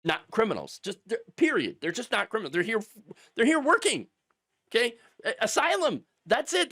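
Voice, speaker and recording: A man's voice: high-pitched, fairly bright tone, dry recording, studio quality. A man hosting political commentary, talking in a sarcastic, heated and emphatic way. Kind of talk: opinion commentary.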